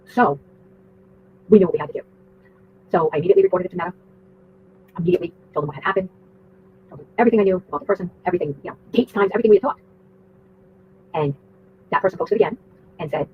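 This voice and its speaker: A woman rants her way through a long story on a livestream, rambling and profane. She talks quickly. Her voice comes through a tinny, phone-like line with a faint hiss behind it. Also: on the low side.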